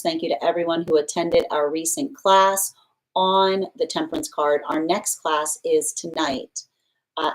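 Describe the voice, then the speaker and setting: A woman's voice: low-pitched, a little mellow, poor audio. A woman giving a live tarot reading who talks animatedly, laughs often and acts out little quoted exchanges, with plenty of casual fillers and repeated words for emphasis. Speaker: tarot reader.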